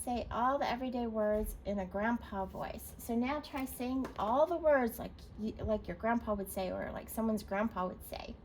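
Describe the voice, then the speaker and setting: A woman's voice: fairly high pitch, normal speed, hardly any pauses, a little mellow, a little hiss or hum, poor audio. A woman teacher leading a recorded reading lesson for young children, encouraging and spelling words out letter by letter.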